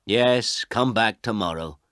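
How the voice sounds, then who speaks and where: Curt bureaucrat, dismissive and brisk, fairly low voice, read by a man. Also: fairly bright tone, no room sound, clean studio sound. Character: curt male government official. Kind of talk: audiobook character voice.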